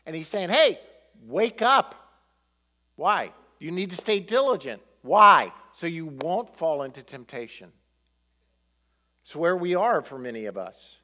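A male pastor preaching a sermon, animated, throwing rhetorical questions at the congregation. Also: a little high, measured pace, big-room sound.

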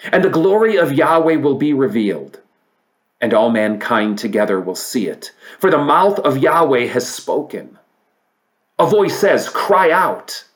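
Slow-preaching man in a sermon. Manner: preaching, reads scripture aloud, rises to emphatic peaks then drops low. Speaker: pastor.

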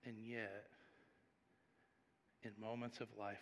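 A man preaching from the pulpit with a gravelly, bright edge to his voice. He tells his story in swings from hushed reflection to loud, animated outbursts, and his words ring out with the long reverb of a large sanctuary. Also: on the high side, moderate pace, slight background noise. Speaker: pastor. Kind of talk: sermon.

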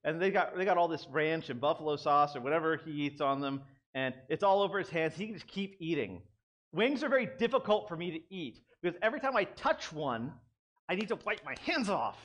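Young male preacher, relaxed conversational sermon delivery, voice sits high and moves a lot. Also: a little fast. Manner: conversational, animated, self-deprecating asides. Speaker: pastor. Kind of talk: casual sermon.

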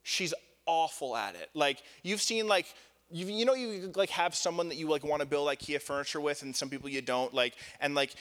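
A man's voice: fairly high pitch, fairly even intonation, brisk, fairly bright tone. A man in his thirties, a pastor preaching a sermon, telling family stories in a loose, self-deprecating way with lots of fillers. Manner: conversational storytelling with many fillers. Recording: long hall reverb.

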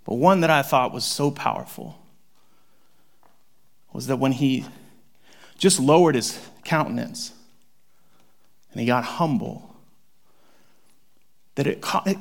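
A man preaching a sermon, animated and conversational, swinging from loud excitement to hushed near-whispers. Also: mid-range voice, measured pace, long pauses. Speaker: pastor.

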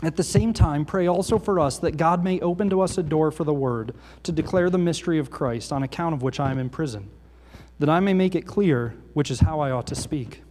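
Middle-aged male pastor, higher-pitched voice, emphatic sermon with sudden soft drops, church hall reverb. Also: brisk. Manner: passionate, emphatic preaching with sudden drops to quiet. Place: church sanctuary.

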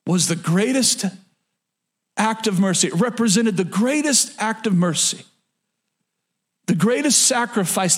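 Male pastor, high voice, emphatic sermon delivery, repeats key lines. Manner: emphatic, repeats phrases, addresses congregation directly. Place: church in front of a congregation.

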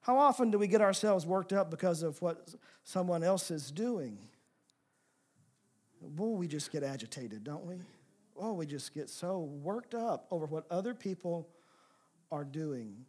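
Male pastor, higher pitched, expressive sermon delivery with rhetorical questions. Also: unhurried. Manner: expressive preaching, swings from emphatic to soft, rhetorical questions.

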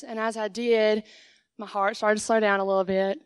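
A woman's voice: mid-range voice, little pitch movement, moderate pace, clear, resonant tone, dry recording. A young woman giving a conversational sermon as a guest speaker in church, acting out little dialogues with God. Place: church sanctuary.

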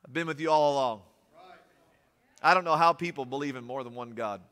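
A male pastor preaching a sermon, animated, with humorous asides and swings from loud to soft. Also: medium pitch, a little fast. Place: church sanctuary. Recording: long reverb of a church hall.

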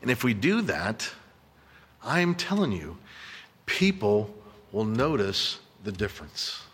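A man's voice: fairly low pitch, sing-song, slow pace, fairly bright tone, husky, big-room sound. A man preaching a sermon as a pastor, telling a story earnestly and emphatically to his congregation. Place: church sanctuary.

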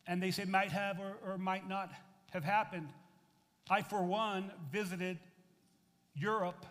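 A middle-aged male pastor from the United States delivering a sermon in an animated, conversational way. His voice sits high for a man and carries a long reverb tail through the church hall. He throws questions at the congregation and drops into quieter asides between bursts of emphasis. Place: church sanctuary.

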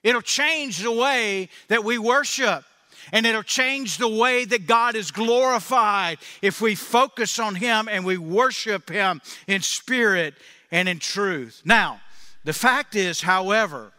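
A man's voice: high-pitched, takes it slowly, bright, forceful tone, long reverb tail. A male pastor preaching a sermon with emphatic, repeating phrases, in a church.

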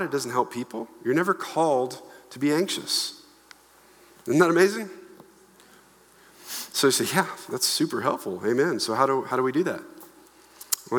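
A man in his thirties preaching a sermon from the stage in a conversational, animated way, with playful asides to the congregation. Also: medium pitch. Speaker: pastor. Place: church hall. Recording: long echo of a church hall.

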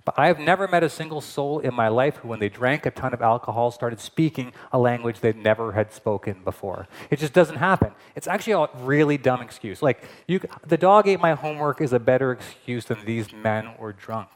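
Man preaching, lively and chatty. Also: medium pitch, a little fast, few pauses. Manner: lively, conversational preaching with asides. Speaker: pastor. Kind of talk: sermon.

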